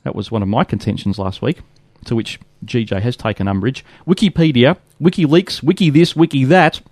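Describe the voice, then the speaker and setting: A man co-hosting a tech podcast works through listener mail, reading each letter in a steady, even voice. His pitch sits in an ordinary middle range. The sound is close and dry, with no room around it. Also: no room sound.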